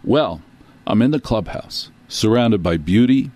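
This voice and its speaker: A talk show host from New Jersey with a fairly low voice, telling a long story in a loose, rambling way. He breaks off for self-deprecating asides and comic tangents. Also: animated, unhurried, warm tone, no echo. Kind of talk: storytelling monologue.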